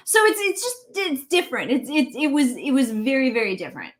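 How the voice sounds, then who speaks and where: A woman co-hosting a truck livestream, explaining things in an easygoing way with plenty of fillers. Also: sits high. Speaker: co-host of a truck show. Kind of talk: casual livestream chat.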